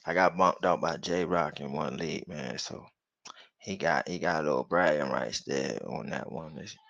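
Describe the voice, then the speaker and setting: A man's voice: extremely low pitch, normal speed, gravelly, fairly bright tone, no echo, dull audio. A man hosting a casual sports talk show, laid-back and drawling with lots of fillers. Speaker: host.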